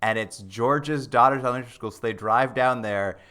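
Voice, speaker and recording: A man's voice: mid-range voice, a little fast, sharp tone. A man co-hosting a podcast, recapping a TV episode in casual chat with a dry, wry tone. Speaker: podcast co-host. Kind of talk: casual chat about a TV show.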